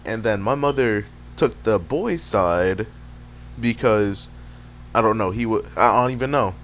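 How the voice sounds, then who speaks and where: A young man casually telling a fight story over gameplay footage, animated and profane, full of streetwise slang, with a faint hum behind him. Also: on the low side, a little slow. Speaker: gaming video creator.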